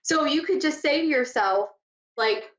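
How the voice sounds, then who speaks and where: A woman hosting a psychic radio show, teaching in a relaxed, conversational style with a fairly high voice. She rambles and laughs easily. The recording is dull and lo-fi, with echo in the room behind her. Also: measured pace. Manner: chatty, laughs easily, wanders off topic. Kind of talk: casual spiritual teaching talk. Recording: echoey lo-fi room sound.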